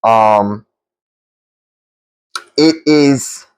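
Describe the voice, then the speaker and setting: A man giving an unscripted spiritual monologue to camera for his tarot channel, halting and full of restarts and fillers. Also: on the low side, smooth, no echo, rough recording.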